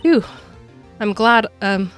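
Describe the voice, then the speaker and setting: A woman's voice: medium pitch, expressive, slow pace, clear, resonant tone, faint music behind. A woman voicing a nervous young male rookie lawyer from a game, talking hesitantly in close to her own voice. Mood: earnest. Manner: hesitant, stumbling.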